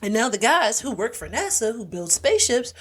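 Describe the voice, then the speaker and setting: With a breathy edge to her voice, which is on the high side and fairly quick, a podcast co-host casually recaps a movie. She tells the story animatedly and acts out what the characters say.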